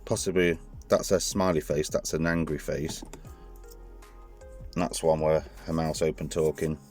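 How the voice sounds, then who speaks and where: A man's voice: a bass voice, steady tone, unhurried, darkish tone, soft background music. A man casually reviewing toys hands-on, chatty and rambling, often correcting himself mid-sentence. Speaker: toy reviewer.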